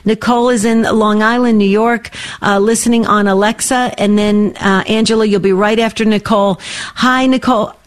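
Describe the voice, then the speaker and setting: A woman's voice: fairly high pitch, fairly even intonation, normal speed, few pauses, clear, resonant tone. A woman hosting a call-in radio show, affirming and encouraging her callers.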